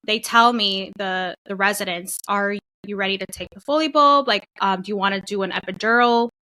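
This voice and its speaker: A young woman co-hosting a podcast casually recounts her birth story, animatedly acting out what people said. Her voice is medium-pitched and her pace brisk.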